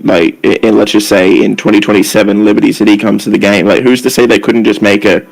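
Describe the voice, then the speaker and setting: A man on an online group call, rambling and thinking out loud as a guest panelist. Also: fairly low pitch, flat delivery, fast talker, gravelly, soft background music, poor audio. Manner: rambling, leans on "like" while thinking aloud. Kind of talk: casual online group chat. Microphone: online call microphone.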